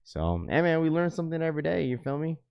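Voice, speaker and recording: A man's voice: on the high side, big pitch swings, fast, gravelly, clean tone, lo-fi sound. Laid-back man chatting to a stream. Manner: casual, addresses chat as bro, rambling. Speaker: livestream host. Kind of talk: casual live stream chat.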